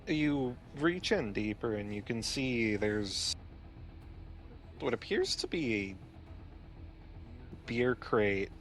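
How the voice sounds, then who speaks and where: A man running a tabletop role-playing game, narrating the scene in a measured way. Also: medium pitch, animated. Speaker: storyteller.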